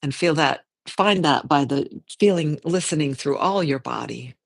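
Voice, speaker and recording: Leading a slow movement and meditation class, this yoga teacher speaks gently and without hurry, thinking aloud and self-correcting along the way. The medium-pitched voice is animated, with some vocal fry.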